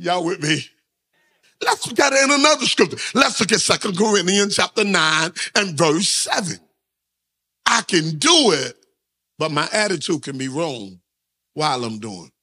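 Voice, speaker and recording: A man's voice: high-pitched, bright, forceful tone, breathy edge. A man preaching a sermon, with call-and-response lines he has the congregation repeat. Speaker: pastor.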